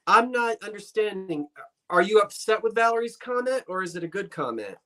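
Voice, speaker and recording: A man's voice: high-pitched, animated, a little fast, fairly bright tone. A man co-hosting a casual live-stream chat, teasing playfully and telling stories. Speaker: co-host.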